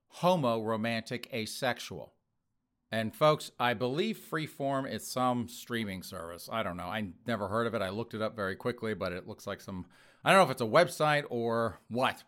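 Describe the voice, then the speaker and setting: A man's voice: mid-range voice, fairly bright tone. A man hosting a commentary podcast who mocks his targets and often chuckles while talking to his listeners. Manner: mocking, chuckles often, addresses listeners as folks. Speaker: podcast host.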